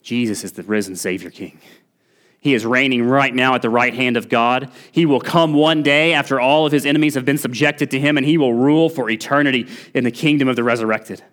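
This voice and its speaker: In a church sanctuary, a male pastor delivers a sermon in a brisk, mid-range voice with a fairly bright tone. He preaches earnestly and insistently, rising in emphasis on the important points and sometimes starting over.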